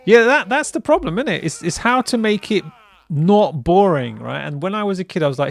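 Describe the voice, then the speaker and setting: A man's voice: high voice, animated, brisk, gravelly, dry recording. A man hosting a live stream in casual chat, rambling and laughing often, tagging lines with "right?" and "bruv". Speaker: streamer host.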